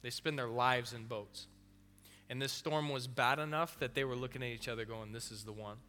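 Bright-voiced preacher in a reverberant hall. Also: male voice, mid-range voice, normal speed, a little hiss or hum. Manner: animated storytelling, acting out voices. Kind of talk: sermon. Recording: long hall reverb with faint music.

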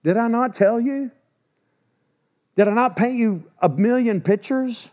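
A man's voice: lowish voice, level tone, normal speed, darkish tone, voice pushed down, natural voice. A man in his sixties preaching a sermon and voicing God as stern and exasperated, firing off insistent rhetorical questions. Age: 60s.

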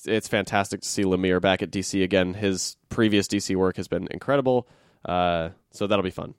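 A man's voice: low-pitched, steady tone, brisk, smooth, no room sound, clean studio sound. Casual man chatting comic news. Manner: loose and jokey, many fillers. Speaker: podcast host.

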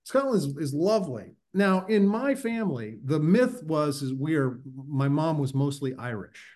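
A man's voice: a little high, lively intonation, normal speed, a little mellow. A man from the United States, a writer guest on a podcast, telling stories in a rambling, chuckling way. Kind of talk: casual podcast interview.

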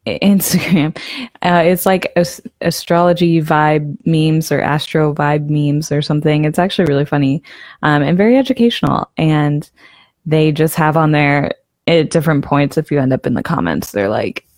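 A woman's voice: low voice, normal speed, darkish tone, no room sound. A woman co-hosting a casual podcast, musing and rambling with many fillers. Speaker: podcast co-host.

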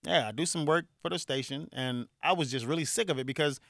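A man in his forties from Chicago with a Chicago accent, hosting a casual solo podcast, animated and joking, laughing often. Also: a little high, fast, creaky, no echo, clean studio sound. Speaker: podcast host.

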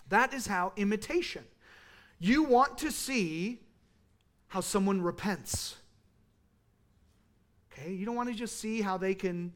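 A man's voice: high voice, fairly bright tone. A middle-aged man, preaching a sermon as pastor in a conversational, storytelling way.

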